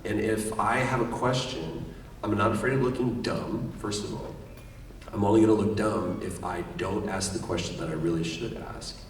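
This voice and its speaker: Animated man in an echoey convention hall. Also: fairly low pitch, normal speed. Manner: animated storyteller, acts out quoted lines. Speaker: panel guest, voice actor. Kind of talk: convention panel talk. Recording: echoey hall, distant mic, faint noise.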